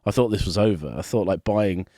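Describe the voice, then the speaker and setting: A man's voice: low voice, brisk, dark tone, no echo, studio quality. A man co-hosting a comedy podcast, chatting casually and rambling with lots of "like" and "mate". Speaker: podcast co-host.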